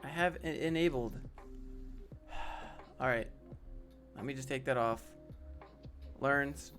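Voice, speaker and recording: A man's voice: medium pitch, slow, a bit bright, faint music behind. Casual man hosting a live stream. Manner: casual, joking, talks to chat by name. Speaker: host.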